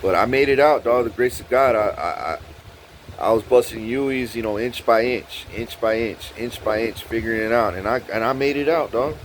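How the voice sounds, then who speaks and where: Profane animated man telling a story. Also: moderate pace, a little hiss or hum, rough recording. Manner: animated, profane, repeats "dog" and "bro", pitch jumps up when excited. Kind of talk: casual storytelling rant.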